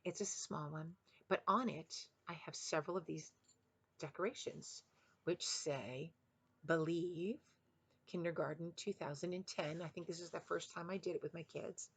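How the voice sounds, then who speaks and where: A woman's voice: lowish voice, normal speed, husky. Chatty woman reading on a headset. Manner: chatty and rambling, with bursts of excitement. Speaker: retired kindergarten teacher reading picture books. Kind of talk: casual chat after a read-aloud.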